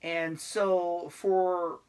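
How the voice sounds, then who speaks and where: A man's voice: high-pitched, little pitch movement, very slow, darkish tone, clear, resonant tone. A middle-aged man talking casually to camera about life abroad, rambling and laid-back with many fillers. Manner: laid-back, self-deprecating. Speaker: expat vlogger.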